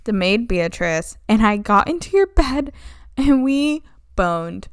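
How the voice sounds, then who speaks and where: A woman's voice: mid-range voice, big pitch swings, takes it slowly, smooth, no room sound, studio quality. A woman voicing a horrified, guilt-stricken noble mother with exaggerated outrage while retelling a play. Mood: confessing.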